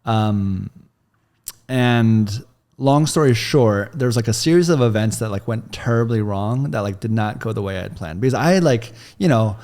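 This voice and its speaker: A man's voice: fairly low pitch, lively intonation, moderate pace, darkish tone. A man in his thirties, a podcast guest telling a long personal story in a casual, chatty way full of "like" fillers, on a studio mic.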